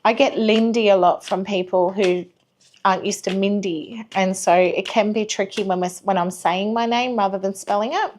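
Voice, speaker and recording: A woman giving a live tarot reading, reassuring, apologetic and gently chatty. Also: medium pitch, steady tone, moderate pace, a little hiss or hum. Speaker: tarot reader.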